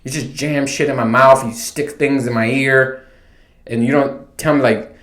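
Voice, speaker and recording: A man's voice: mid-range voice, fairly even intonation, normal speed, fairly bright tone. A man hosting a podcast, telling a profane, exasperated comic rant in a casual way. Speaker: podcast host. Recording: roomy echo.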